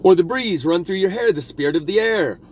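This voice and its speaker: A man's voice: sits high, animated, brisk. A man talking in a meandering spiritual monologue, restarting his sentences and pressing hard on key words. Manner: meandering, restarts often, intense emphasis. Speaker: video blogger.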